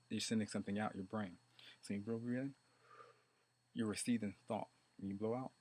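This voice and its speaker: A man's voice: on the low side, darkish tone. A man talking about meditation in a rambling, repetitive way, now and then chanting mantras. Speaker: meditation teacher. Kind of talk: rambling casual monologue.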